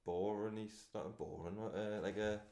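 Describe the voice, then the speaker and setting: A man's voice: on the low side, fairly even intonation, moderate pace, warm tone, echoey room. A man co-hosting a podcast, talking bluntly and swearing as he rants in casual chat. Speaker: podcast co-host.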